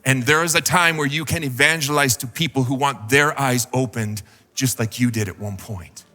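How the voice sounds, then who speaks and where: A man's voice: mid-range voice, pushed and bright, in a large hall. A man preaching a sermon as a pastor, in a casual, joking, conversational way. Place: church sanctuary.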